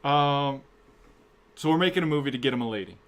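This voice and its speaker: A man's voice: medium pitch, lively intonation, a little fast. Laid-back young man. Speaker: talk show co-host. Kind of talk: casual chat.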